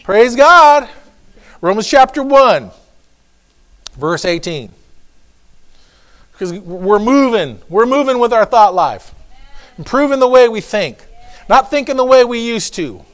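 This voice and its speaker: A pastor preaching a sermon, emphatic and repetitive, folksy with joking asides, swinging from low asides to shouts. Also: male voice, very animated, unhurried, long pauses.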